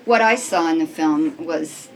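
A woman's voice: deep voice, measured pace, poor audio. A woman interviewer asking questions with enthusiasm.

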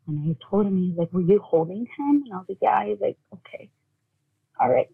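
Husky, gravelly woman on tinny audio. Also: mid-range voice, lively intonation. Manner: halting, full of "like", acts out quoted family talk. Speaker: guest, bereaved mother. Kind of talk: personal storytelling in conversation.

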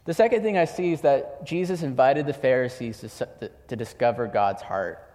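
A young preacher with a medium-pitched, darkish voice talks a little fast during a sermon, sharing personal stories in a casual, chatty way full of filler words. The recording has a long hall reverb.

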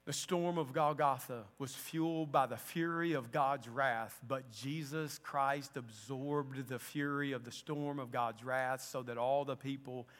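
A man preaching a sermon with passion, moving between loud declarations and hushed lines. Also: medium pitch. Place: church sanctuary. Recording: long church-hall reverb.

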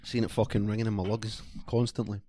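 A man's voice: lowish voice, level tone, quick pace, mellow, no echo. A man with a Scottish accent telling a rambling, profane anecdote in casual chat with friends.

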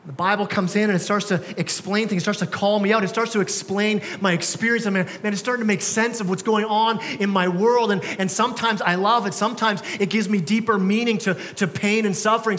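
A young male pastor with a high, slightly bright voice preaches a sermon in a church sanctuary, speaking conversationally with casual slang and restarting often. The long reverb of the church hall carries through the recording.

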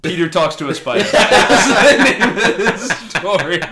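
A man's voice: high voice, animated, unhurried, over a noisy crowd. A man hosting a casual comics podcast, rambling and laughing as he retells a story. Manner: giggly, rambling, lots of "like". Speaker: podcast host.

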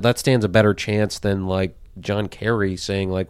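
A man's voice: on the low side, fairly even intonation, unhurried, clear, resonant tone, no echo. A man in casual political commentary, rambling and emphatic, full of fillers and swearing.

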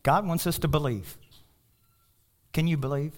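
Man, pastor, preaching a sermon, passionate, loud bursts then soft asides, fairly high voice. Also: measured pace. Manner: animated storytelling with laughter.

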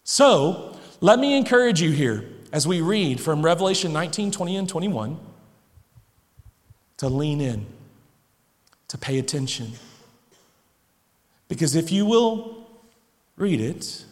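A man in his thirties preaching a conversational sermon to a young crowd, animated and now and then shouting. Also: a little high, measured pace, pauses often, big-room sound. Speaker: pastor. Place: church hall.

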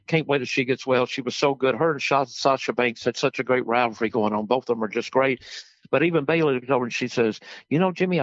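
Older Southern man, lively raconteur, fairly high voice, dry muffled sound. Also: no room sound. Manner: animated, excitable storyteller with exclamations. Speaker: interview guest. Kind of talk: casual storytelling interview.

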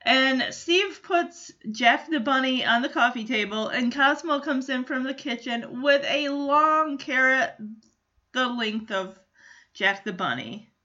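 A woman's voice: high voice, expressive, slow, pushed and bright, highs cut off. A woman giving a casual, gushing recap of a TV episode, giggling and acting out the characters' lines.

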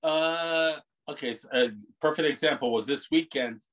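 A middle-aged man born in Italy, a bakery owner, talking in an animated, rambling way with many restarts on a video call. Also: fairly high pitch, normal speed. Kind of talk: casual interview over a video call.

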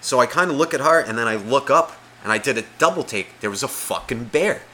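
A man's voice: mid-range voice, lively intonation, brisk, pushed and bright, a little hiss or hum. A man co-hosting a podcast, telling a story in casual chat, swearing a lot and acting out the voices of the people in it. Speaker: podcast co-host.

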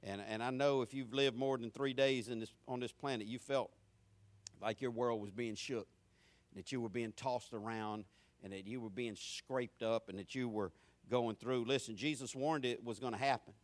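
A middle-aged man, a pastor, preaching with rhythmic repetition, swinging between loud, driving lines and low, hushed ones. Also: steady tone, moderate pace, dry recording. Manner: repetitive, rhythmic phrasing with homespun asides. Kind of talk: sermon.

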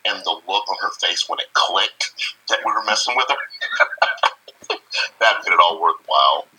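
A man's voice: low-pitched, lively intonation, unhurried, bright, forceful tone, husky, low-quality recording. A middle-aged man co-hosting a casual chat show, telling a family story and laughing as he acts out what people said. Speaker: co-host.

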